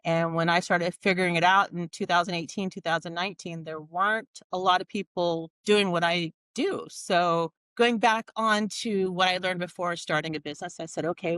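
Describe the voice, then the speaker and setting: A woman in her forties tells her story with candid, animated energy. Her voice sits a little low. The sound is dry and close to the mic. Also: dry recording. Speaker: podcast guest, nurse practitioner. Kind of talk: casual interview storytelling.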